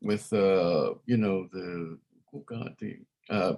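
A husky, somewhat low voice from an older man. He tells his stories in a loose, rambling way, full of fillers and restarts. He is a musician guest in a casual interview. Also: slow pace, a little mellow. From Brooklyn, New York. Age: 60s.

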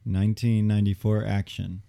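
Mellow low-voiced young man. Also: flat delivery, normal speed, gravelly. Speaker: player in a movie trivia board game. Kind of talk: casual chat among friends.

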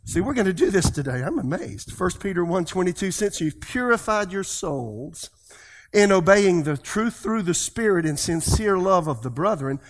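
Animated higher-voiced man preaching. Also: normal speed. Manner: animated preaching with swings between loud and soft; leads the congregation in call-and-response. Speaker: pastor. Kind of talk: sermon.

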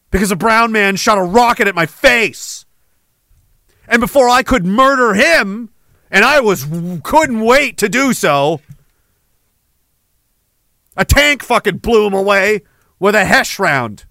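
A middle-aged man hosting a podcast, ranting with heavy profanity and jumping between war stories and shouted quotes. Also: sits high, dry recording. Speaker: podcast host. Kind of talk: ranting monologue.

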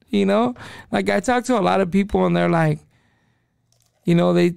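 Podcast guest, man, 40s, high-pitched and heavily gravelly, loose profane street talk. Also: moderate pace, darkish tone, no room sound, clean studio sound. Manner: profane street slang, calls listener dog. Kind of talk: casual interview storytelling.

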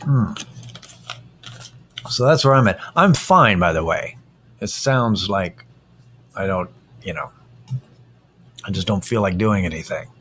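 A man's voice: low voice, animated, a little slow, long pauses, fairly bright tone, slight background noise. A man hosting a casual solo podcast, drained and worn out, rambling in a tired, self-deprecating way. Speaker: podcast host.

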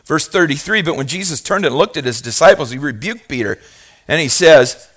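A man preaching a sermon as pastor, moving from quiet asides to loud, fervent passages and asking the congregation questions. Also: on the high side, lively intonation, fairly quick. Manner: talks directly to the congregation with questions.

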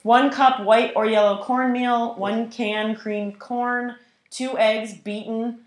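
A woman's voice: on the high side, flat delivery, takes it slowly. A woman co-hosting a podcast, chatting casually in a wry, teasing way. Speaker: podcast co-host. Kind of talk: casual chat. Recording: echoey room.

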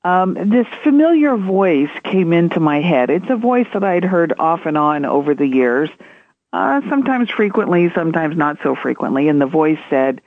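A woman's voice: on the low side, sing-song, normal speed, no room sound. A woman author telling a personal story as an interview guest, chatty with fillers. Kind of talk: interview conversation. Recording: tinny phone line.

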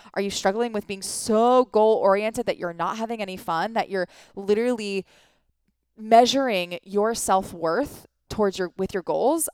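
A woman's voice: medium pitch, clear, resonant tone, no room sound. A woman in her thirties, a life coach, giving an earnest motivational talk full of rhetorical questions and casual swearing. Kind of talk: motivational monologue.

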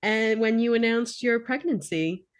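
A woman's voice: fairly high pitch, measured pace. Wry woman podcast co-host telling stories. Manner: wry, self-deprecating, laughs while telling stories. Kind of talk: casual chat.

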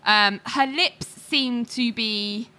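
A woman's voice: on the high side, extremely slow, bright, forceful tone. A woman co-hosting a casual chat, retelling a story and acting out the characters' lines with lots of fillers. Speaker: podcast co-host recapping a TV show.

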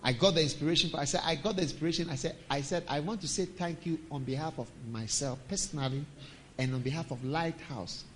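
A middle-aged pastor preaching with a high, sharp and forceful voice. He talks with strong emphasis and lifts to a shout on key lines. A faint hum of ambience sits behind him. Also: fast talker. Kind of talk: sermon.

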